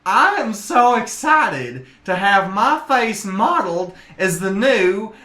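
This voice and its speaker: A man putting on a mock Austrian accent as an earnest, booming male action star, speaking slowly and with exaggerated emphasis. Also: sing-song, pushed and bright, full character voice. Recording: roomy echo.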